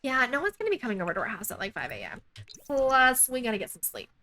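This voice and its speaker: A woman's voice: a little high, huge pitch swings, fast, bright, forceful tone. A woman giving chatty let's-play commentary, peppered with "like" and "um". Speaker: gaming YouTuber.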